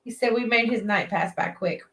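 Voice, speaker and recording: A woman's voice: on the high side, normal speed, gravelly, fairly bright tone. A woman co-hosting a casual late-night livestream, chatty and reading viewer comments aloud. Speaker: livestream co-host. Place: metal shop.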